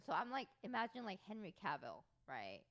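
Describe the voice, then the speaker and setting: A young woman guesting on a casual podcast chat, excitable and teasing, with loud outbursts. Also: medium pitch, a little fast. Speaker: guest streamer.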